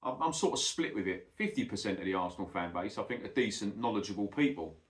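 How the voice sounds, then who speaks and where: A man's voice: fairly low pitch, expressive, fast. A middle-aged man, ranting bluntly and swearing a lot in a casual monologue, calling the listener "mate". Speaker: football vlogger. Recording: echoey room.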